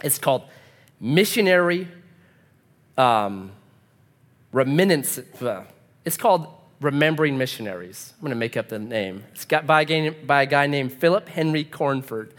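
A pastor delivers a sermon, telling stories vividly and acting out the voices of the people in them. His voice is medium-pitched at a moderate pace, and the sound has a big-room quality.

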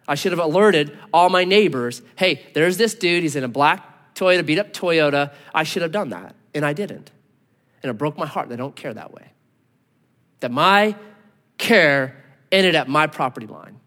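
A man in his thirties preaching a sermon, telling a story with lively voices, then dropping to quiet, earnest tones. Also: on the high side, moderate pace. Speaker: pastor. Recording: long hall reverb.

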